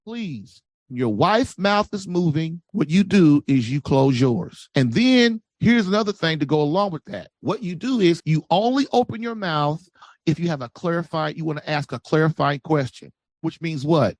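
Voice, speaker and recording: A man giving relationship advice as a podcast guest, preachy and animated, acting out quoted voices. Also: a little high, normal speed, no room sound.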